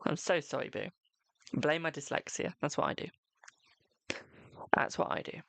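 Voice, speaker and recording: Gravelly-voiced chatty British man. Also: on the high side, animated, moderate pace, a bit bright, no room sound. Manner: chatty, self-mocking, swears casually. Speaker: tarot reader and live streamer. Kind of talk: casual live-stream chat.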